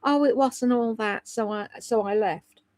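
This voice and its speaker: A woman's voice: fairly high pitch, a little slow, a little mellow, no echo, close to an everyday voice. A woman putting on a mocking, sing-song impression of a self-pitying woman. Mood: airy mocking.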